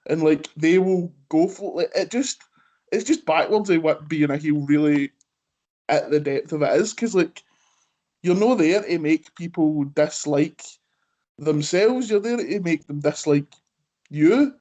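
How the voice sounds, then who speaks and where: This Scottish wrestling podcast host chats casually, rambling along and sprinkling his talk with "like" and the Scots "aye." His voice sits fairly high, and he sounds unhurried and mellow.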